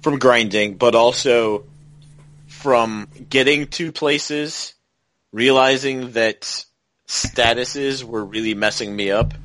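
A man's voice: mid-range voice, a bit bright, no echo, poor audio. A man co-hosting a casual podcast, rambling and restarting phrases as he thinks aloud. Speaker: podcast co-host.

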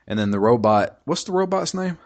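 A man's voice: mid-range voice, very animated, fairly quick. A man casually talking through a video game's story and combat, hesitant, with many fillers and restarts. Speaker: video game reviewer. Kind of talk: casual podcast chat.

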